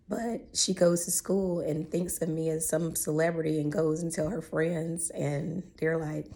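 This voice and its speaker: A woman's voice: low voice, little pitch movement, unhurried, few pauses, mellow. A woman telling a personal vlog story in a heartfelt, chatty way, her voice going in and out at times. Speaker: vlogger.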